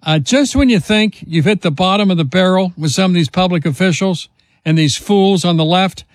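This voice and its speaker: A man's voice: sits high, moderate pace, dry recording. Indignant talk radio host man. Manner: indignant, emphatic, mocking.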